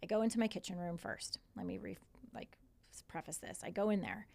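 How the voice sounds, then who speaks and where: Gravelly-voiced woman telling a story. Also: lowish voice, a little fast. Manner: animated retelling with quoted dialogue and swearing. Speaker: podcast guest, teacher. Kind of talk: casual storytelling in conversation.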